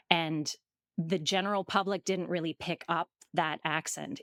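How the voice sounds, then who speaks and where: A woman who coaches accents, answering interview questions in a measured, explanatory way with frequent fillers. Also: low voice, no room sound, clean studio sound. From Canada.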